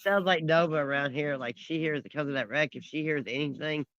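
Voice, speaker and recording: A man's voice: fairly high pitch, brisk, a bit bright, dry recording, muffled recording. A man joining a livestream chat, easygoing and searching for words. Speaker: guest on livestream. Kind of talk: casual chat.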